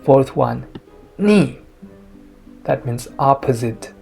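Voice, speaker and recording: A language teacher giving a lesson summary, sounding out each tone slowly and carefully. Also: mid-range voice, fairly even intonation, a little mellow, faint music behind.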